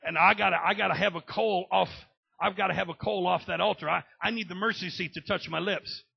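A male pastor preaching a sermon, dropping to low murmurs and then rising to shouted outbursts. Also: steady tone, brisk, creaky, husky, highs cut off.

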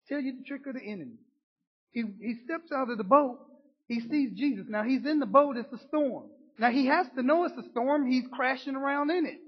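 Husky high-voiced male preacher. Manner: emphatic, repetitive preaching that swings from loud to hushed. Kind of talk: sermon. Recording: dull lo-fi recording.

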